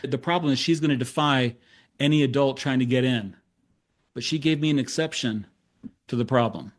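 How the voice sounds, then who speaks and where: Middle-aged man, therapist giving a conference talk, lively storyteller, acts out dialogue, wry humor. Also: mid-range voice, moderate pace. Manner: animated storyteller who acts out quoted dialogue; self-deprecating humor, chuckles. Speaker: therapist presenting case studies.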